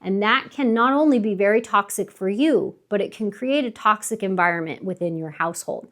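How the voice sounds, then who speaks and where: A woman's voice: mid-range voice, a little fast, a bit bright. A woman in her thirties, a stay-at-home mom giving earnest, emphatic advice to camera, repeating herself for stress. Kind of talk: casual advice talk to camera.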